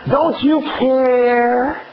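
A man with a Southern US accent voicing Martha as a whining, complaining woman in a high falsetto during a sermon. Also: steady tone, very slow, muffled recording, a little hiss or hum, exaggerated voice. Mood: whiny.

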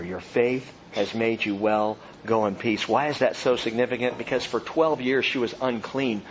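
A man in his thirties delivers an expository sermon, reading scripture and then commenting on it. His voice sits a touch high for a man. The recording is dull and lo-fi, with faint background noise. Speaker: pastor.

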